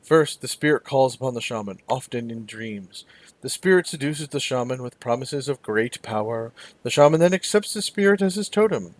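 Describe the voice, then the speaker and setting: A man voicing a flamboyant, condescending male elf in a video game, in a high, theatrical, sing-song voice. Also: lively intonation, normal speed, dry recording, lightly acted. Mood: lecturing.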